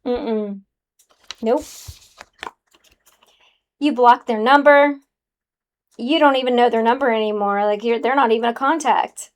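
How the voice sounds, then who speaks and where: A woman's voice: fairly high pitch, unhurried, long pauses. Sassy woman reading tarot to camera. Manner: sassy, calls the viewer honey. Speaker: tarot card reader. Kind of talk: casual spiritual card reading to camera.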